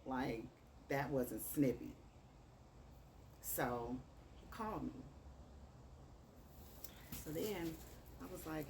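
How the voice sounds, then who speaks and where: A woman's voice: deep voice, takes it slowly, long pauses, darkish tone. A woman from Chicago with a Chicago accent, casually telling a dating story and acting out both sides of the texts. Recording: distant mic with clear background noise.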